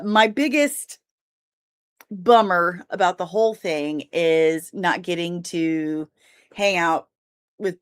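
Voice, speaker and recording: A young woman hosting a casual livestream, chatting and greeting viewers by name, with easy laughs. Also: fairly low pitch. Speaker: livestream host.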